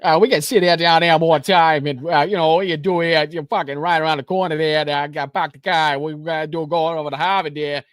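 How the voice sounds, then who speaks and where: A man's voice: fairly high pitch, fairly even intonation, a little fast, few pauses, clean tone, no echo, clean studio sound, lightly acted. A man putting on an over-the-top fake Boston accent. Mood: mocking. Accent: exaggerated Boston. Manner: over-the-top, rambling, profane. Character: mocking caricature of a fake Boston tough guy.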